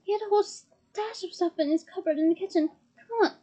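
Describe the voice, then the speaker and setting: A woman's voice: extremely high pitch, fairly quick, mellow, pitched above the performer's own voice. A woman voicing a determined teenage boy wizard who speaks urgently and gives commands, in a storybook reading. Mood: eager.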